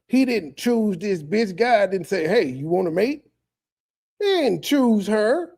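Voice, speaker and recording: A man's voice: high-pitched, very animated, takes it slowly, darkish tone. A male streamer reacting to clips and ranting profanely at a viewer in chat, heated and preachy, drawing out words for emphasis. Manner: heated, preachy, addresses a chatter directly. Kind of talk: profane casual rant.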